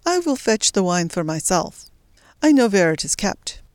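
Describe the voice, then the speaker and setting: A woman's voice: lowish voice, sing-song, moderate pace, a little mellow, no echo. A woman voicing a brusque, arrogant young male officer who speaks in curt commands.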